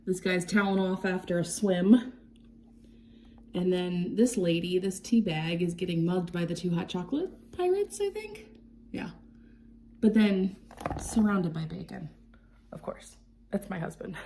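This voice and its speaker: A woman's voice: on the low side, darkish tone. A young woman chatting casually in her craft vlog, rambling with lots of fillers. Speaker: cross-stitch vlogger. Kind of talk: casual chat.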